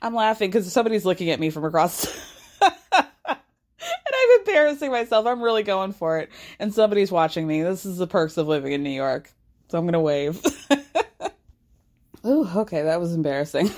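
A woman's voice: fairly low pitch, big pitch swings, moderate pace, pauses often, darkish tone. A woman hosting a casual chat, recapping with sarcasm and frequent laughter. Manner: sarcastic, laughs often, acts out quotes. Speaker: podcast host recapping a reality show. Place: outdoors in a city, passersby watching.

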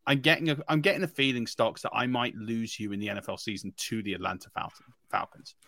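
Bright, excitable man. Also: on the low side, fast talker, creaky, no echo. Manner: emphatic, excitable, frequent restarts and laughs. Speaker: fantasy football podcast co-host. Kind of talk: casual sports analysis chat.

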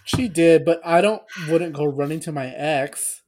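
A woman's voice: deep voice, unhurried, a little mellow. A woman co-hosting a podcast in casual chat, blunt and joking, and she swears freely. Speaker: podcast co-host.

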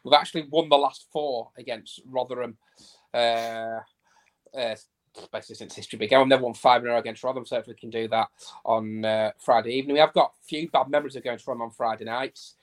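A man reciting football statistics on a fan podcast, pausing often with fillers. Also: mid-range voice. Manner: steady recital of stats with many uh fillers. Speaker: stats guest on fan podcast. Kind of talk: casual podcast chat.

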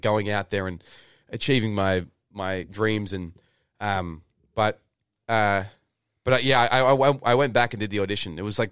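A man's voice: on the low side, a bit bright, smooth, no room sound, clean studio sound. A man in his twenties with an Australian accent, telling stories in a loose, rambling way as a podcast guest, with many fillers and restarts. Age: 20s. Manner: rambling, lots of fillers and restarts, swears casually. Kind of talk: casual interview storytelling.

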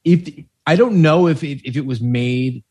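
A man's voice: a little high, unhurried, darkish tone, breathy edge. A man co-hosting a casual film podcast, rambling and stumbling as he thinks aloud. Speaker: podcast co-host.

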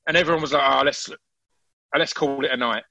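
A man telling stories in a casual chat, animated, with frequent restarts. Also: medium pitch, quick pace, gravelly, dry recording, dull audio.

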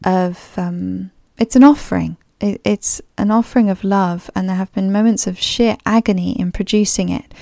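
On her reflective solo podcast, this host speaks with a clipped, somewhat posh English accent shaped by a third-culture-kid upbringing abroad, often saying um and restarting. Her voice is medium-pitched and dark with vocal fry, captured in a dry recording with clean studio sound.

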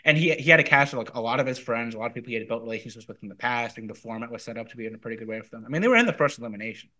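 A man on a podcast giving quick, animated analysis of a reality show in casual chat. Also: mid-range voice. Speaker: podcast guest.

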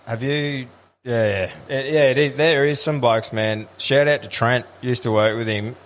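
A man's voice: mid-range voice, moderate pace, slight background noise. A man with an Australian accent co-hosting a podcast, telling stories in a blokey, casual way and swearing freely. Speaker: podcast co-host. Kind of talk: casual chat.

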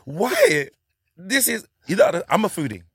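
A man's voice: sits high, wildly swooping pitch, unhurried, slightly rough, no echo, studio quality. A man with a North London accent, chatting animatedly as a podcast guest, saying bro a lot. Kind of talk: casual chat.

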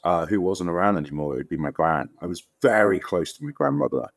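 A deep-voiced man with a London accent tells anecdotes on an interview podcast. He speaks casually and animatedly, slipping into quoted voices. The sound is dry and close. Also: fast, no room sound. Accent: London English. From England. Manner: animated storyteller, acts out quotes with jumps in pitch. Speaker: guest actor.

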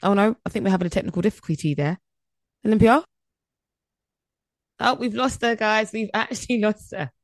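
A woman's voice: medium pitch, a little fast, long pauses, no room sound. A woman in her late twenties co-hosting a chatty podcast over a video call, laughing often and reading listener messages aloud. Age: late 20s. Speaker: podcast co-host. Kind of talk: casual chat.

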